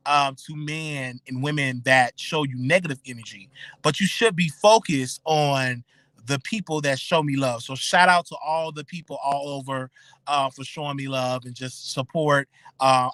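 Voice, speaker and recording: A man's voice: a little high, moderate pace, bright, forceful tone, dry recording. A man hosting his own show, talking casually to his listeners in a chatty way, often repeating himself and restarting his words. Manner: repetitive, chatty, stammering restarts; addresses listeners directly. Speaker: show host. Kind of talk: casual commentary stream.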